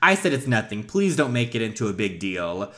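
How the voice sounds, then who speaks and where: Man reading a reserved young prince for a story game: low-key, polite, composed, a touch deeper than his own voice. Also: sing-song, brisk, a bit bright. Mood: calm.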